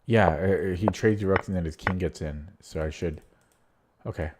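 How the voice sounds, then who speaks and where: A man's voice: low-pitched, moderate pace, very noisy. A man streaming chess, thinking aloud while solving puzzles, muttering to himself and getting frustrated.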